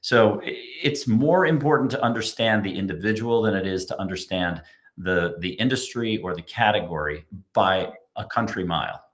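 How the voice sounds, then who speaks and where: A man's voice: lowish voice, normal speed. A man speaking as a podcast guest, emphatic and persuasive, who acts out what customers might say. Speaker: guest, chief creative officer. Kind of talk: podcast conversation.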